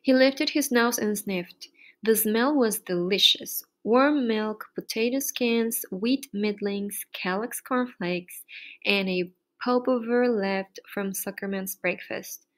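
A woman reading a children's chapter book aloud with lively storybook delivery. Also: mid-range voice, slow pace.

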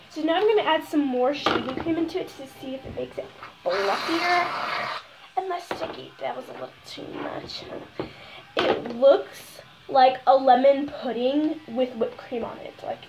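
A woman's voice: high-pitched, expressive, normal speed, background noise. A young woman chatting casually at home as she makes slime, rambling with self-conscious asides. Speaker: slime vlogger. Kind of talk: casual vlog chat.

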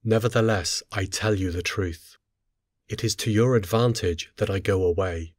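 A man with a lowish voice reads scripture in a solemn, measured way. His delivery is unhurried and steady. The sound is dry and close, with no room around it. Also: dry recording. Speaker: scripture reader.

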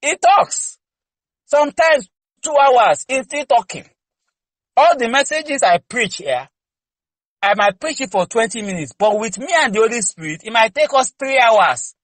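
Speaking at an extremely high pitch at a measured pace, this lay preacher sounds animated and fairly bright as he fervently exhorts his congregation with rhetorical questions and frank personal stories. It's a preaching and teaching session, captured in a rough recording with no room sound.

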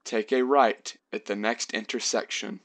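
A young man putting on the calm, monotone voice of a robotic driving examiner. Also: fairly low pitch, measured pace. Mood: flat robotic. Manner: monotone, mechanical.

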